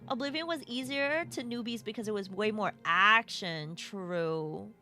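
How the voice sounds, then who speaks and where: A woman's voice: mid-range voice, unhurried, sharp tone, faint music behind. A woman from Brooklyn with a New York accent, live-streaming a game, chatting playfully and reading chat aloud. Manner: playful, bouncy, chatty with viewers.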